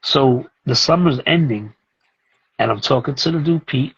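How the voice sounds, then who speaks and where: A middle-aged man, a music producer and teacher talking as a guest in a casual interview, telling animated stories and acting out what others said. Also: mid-range voice, moderate pace, vocal fry, breathy edge, highs cut off. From Brooklyn, New York. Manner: animated, acts out other people's lines as he tells a story.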